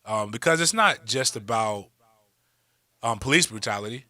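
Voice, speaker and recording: A man on talk radio tells his story with animation and acts out the voices of the people in it. His voice is bright and forward, and the sound is dry and close. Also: fairly low pitch, lively intonation, normal speed, no echo. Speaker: radio co-host.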